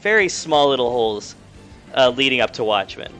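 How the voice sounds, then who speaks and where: A man's voice: mid-range voice, expressive, moderate pace, fairly bright tone, faint music behind. A man narrating a tabletop role-playing session as game master, rambling with many fillers. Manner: rambling, filler-heavy, playful.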